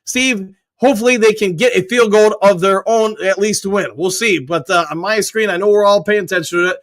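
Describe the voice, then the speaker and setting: A man hosting a casual live stream, reading viewer comments aloud with quick, upbeat shout-outs and whoops. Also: high-pitched. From Michigan. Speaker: host reading live chat.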